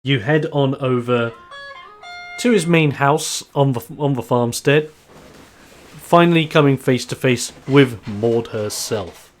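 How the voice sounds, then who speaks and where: A man's voice: mid-range voice, slow, faint music behind. A man narrating as game master in a loose, laughing storytelling manner.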